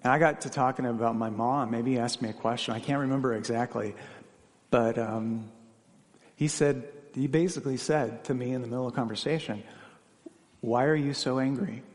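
A man's voice: mid-range voice, steady tone, normal speed. Man preaching in a reverberant hall. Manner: questioning, earnest, personal anecdotes. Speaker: pastor. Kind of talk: sermon.

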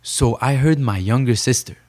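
With a medium-pitched, somewhat dark voice at an ordinary pace, this podcast guest, a young Saudi professional boxer, tells his story. His delivery is earnest and emphatic, with phrases repeated for stress.

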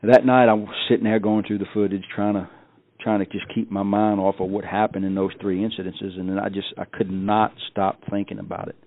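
A man's voice: lowish voice, flat delivery, brisk. A man guest on a podcast telling a personal story in a folksy way, often repeating and restarting his words. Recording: dry, phone-like tinny sound.

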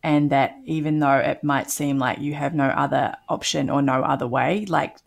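Low gravelly-voiced woman, earnest guest. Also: fairly even intonation, normal speed. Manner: earnest, frequent "like" fillers. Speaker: podcast guest. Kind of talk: candid interview talk.

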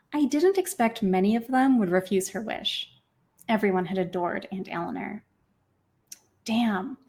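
A woman author and podcast host reading her own novel aloud with expressive, lively storytelling. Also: a little high.

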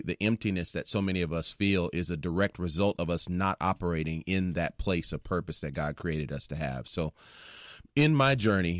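A man with a very low voice, speaking as a guest on a talk show. He talks in calm, measured, preacherly phrases. The sound is close and dry. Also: dry recording. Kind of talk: radio talk show interview.

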